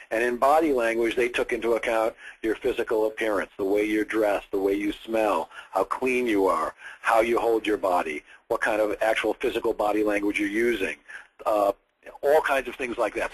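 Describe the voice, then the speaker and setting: A man with a low, husky voice leads a sales training seminar lecture, captured in a low-quality recording. He talks enthusiastically and conversationally, with plenty of rise and fall in his inflection and frequent restarts.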